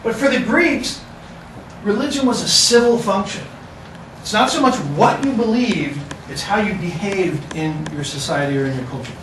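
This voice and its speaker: A man's voice: high-pitched, moderate pace, a bit bright, distant mic, a little hiss or hum. A man teaching a class, with a casual, joking lecture manner. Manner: casual, joking, talks to students. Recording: echoey classroom recorded from afar.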